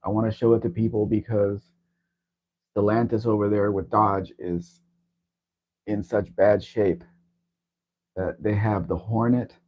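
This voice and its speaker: A man's voice: on the low side, little pitch movement, unhurried, long pauses. A man hosting a casual livestream chat, talking in a rambling, chatty way. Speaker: livestream host. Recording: dull lo-fi stream audio.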